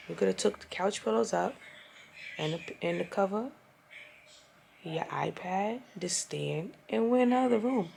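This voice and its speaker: A woman's voice: on the low side, moderate pace, vocal fry, a little hiss or hum. A young woman telling a casual, exasperated and profane storytime rant as a vlogger, recorded at home. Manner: exasperated, profane, animated retelling.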